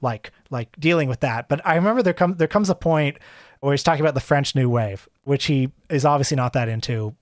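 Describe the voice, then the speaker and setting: A man's voice: medium pitch, fairly quick, dry recording, studio quality. Man co-hosting a casual film podcast. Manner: restarts a lot, swears for emphasis. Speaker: podcast co-host.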